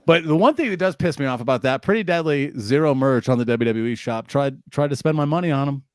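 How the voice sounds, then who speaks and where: A man's voice: medium pitch, animated, fast talker, no echo, studio quality. A man co-hosting a podcast, chatting casually in a laid-back, jokey way. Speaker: podcast co-host. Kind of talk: casual chat.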